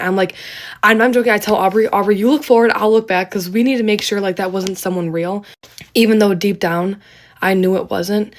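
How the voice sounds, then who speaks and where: Rambling young-sounding woman telling a scary tale. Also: mid-range voice. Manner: rambling, filler-heavy, slips into whispers. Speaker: storyteller. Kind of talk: casual story time vlog.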